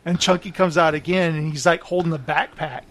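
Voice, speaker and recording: A man hosting a podcast in casual chat, an animated, rambling storyteller who laughs often. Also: a little high, a little fast. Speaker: podcast host.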